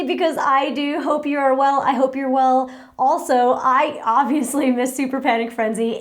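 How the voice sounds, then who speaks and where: Woman, 30s, from the US, giggly Q and A host, slightly high voice. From United States. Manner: chatty and giggly, reads questions aloud. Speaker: YouTuber answering viewer questions. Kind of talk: casual Q and A chat.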